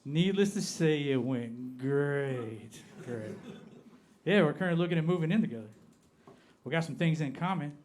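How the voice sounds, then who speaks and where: Speaking in an Appalachian American accent, a man from Appalachia, United States, does a club stand-up set and draws his punchlines out deadpan. His voice is fairly high, and he keeps a moderate pace.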